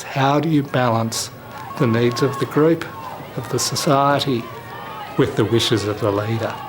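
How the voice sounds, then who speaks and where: A man offers reflective, analytical commentary in a documentary interview. His pitch sits at an ordinary middle level. Clear outdoor noise runs behind him.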